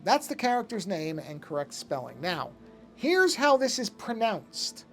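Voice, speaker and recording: A man's voice: high voice, very animated, a little slow, fairly bright tone, soft background music. Rambling man streaming while he draws. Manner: rambling, talks to chat, stops often to fix things. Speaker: art streamer. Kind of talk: casual live-stream chat while drawing.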